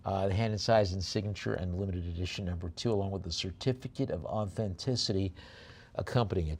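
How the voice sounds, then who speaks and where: A man running a live auction. He talks through the items unhurriedly, with plenty of hesitations, then rattles off the bid amounts in a quick, rhythmic chant. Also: sits low, darkish tone. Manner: lot descriptions with many fillers, quick chanted bid calls.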